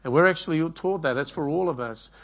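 A middle-aged pastor with a slightly high voice preaches at a quick pace. He tells stories during his sermon and acts out the voices of the people in them.

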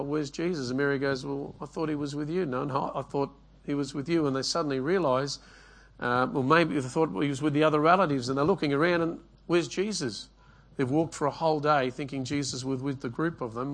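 A man's voice: mid-range voice, fairly bright tone. Man preaching a storytelling sermon. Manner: storytelling, acts out quoted voices. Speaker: pastor.

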